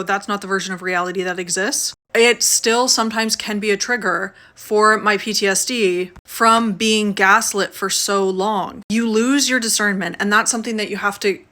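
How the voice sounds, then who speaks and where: A woman's voice: mid-range voice, steady tone, normal speed, few pauses, sharp tone. A woman telling a personal story in a casual, conversational vlog, talking from a sauna. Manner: casual, conversational, frequent fillers. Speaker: vlogger.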